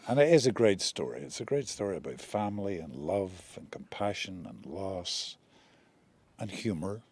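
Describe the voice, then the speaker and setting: A man's voice: deep voice, sing-song, normal speed, a little mellow, breathy edge. An older man and lead actor, chatting in an interview in a jokey, self-deprecating way. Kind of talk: casual interview chat.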